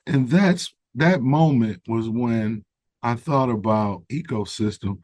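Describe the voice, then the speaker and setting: A man, a guest who founded a recovery organization, speaks in an interview in an earnest, reflective way. He tells stories conversationally, with fillers, and gets more animated when he stresses a point. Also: medium pitch, slow pace, dry recording. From United States. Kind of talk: interview storytelling.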